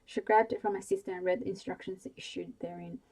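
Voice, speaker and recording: A woman reading a bedtime story aloud slowly and softly, in whispered role-play. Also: medium pitch, fairly even intonation, rough recording. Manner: slow, hushed bedtime reading.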